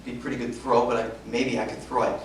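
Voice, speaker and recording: A woman telling a story in a sermon, acting out the dialogue in a lively, conversational way. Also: very deep voice, quick pace. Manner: animated, conversational, acts out dialogue. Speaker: preacher. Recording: echoey hall from far off, noisy.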